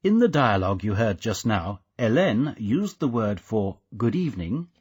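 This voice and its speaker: Husky male language-course narrator. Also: lowish voice, very animated, a little mellow. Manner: clear, measured teacher's delivery. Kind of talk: scripted instructional narration.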